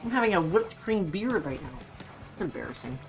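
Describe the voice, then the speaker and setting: A young woman with a fairly low voice chats loosely with her stream chat while she plays, giggling and talking through bites of food. She speaks into a desk microphone, with faint game music underneath. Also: big pitch swings, a little fast. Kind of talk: casual livestream chat while gaming. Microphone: desk mic, no face cam.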